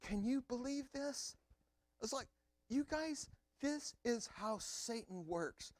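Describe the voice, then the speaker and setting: Lively, expressive male preacher. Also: extremely high pitch, takes it slowly, no echo, clean studio sound. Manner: animated, talks straight to the congregation. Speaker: pastor. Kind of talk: sermon.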